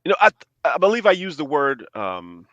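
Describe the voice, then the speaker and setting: A man in his forties, a podcast guest in casual chat, speaking earnestly and at a measured pace, often checking in with "right?". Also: a little high, very animated, a bit bright, no room sound, highs cut off.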